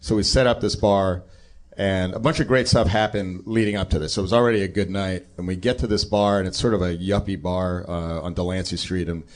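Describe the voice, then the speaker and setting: A man's voice: deep voice, brisk. A man on a live comedy podcast, casually telling an anecdote to the room. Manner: relaxed, conversational anecdote. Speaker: guest storyteller.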